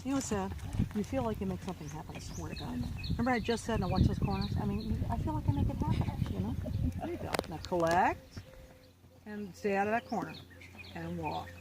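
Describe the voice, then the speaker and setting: Calm encouraging woman coaching outdoors. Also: medium pitch, fairly quick, very noisy. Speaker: riding instructor. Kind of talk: outdoor riding lesson coaching. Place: outdoor riding arena.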